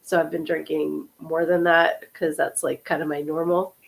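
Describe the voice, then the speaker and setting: A woman in her fifties with a slightly low voice, hoarse and sniffly from a lingering cold. She chats casually to her livestream audience, greeting people by name and apologizing for how she sounds. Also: flat delivery, normal speed. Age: 50s. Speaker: podcast host and author.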